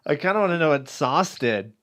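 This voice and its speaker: A man's voice: on the high side, expressive, fairly quick, a bit bright. A man hosting a casual podcast, reacting to a story with laughs and swearing. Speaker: podcast host. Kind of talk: casual chat.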